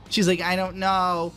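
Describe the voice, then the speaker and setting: A man giving casual reaction commentary, laughing in disbelief and reading messages aloud in mocking put-on voices. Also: mid-range voice. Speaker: streamer reacting to dating-app messages.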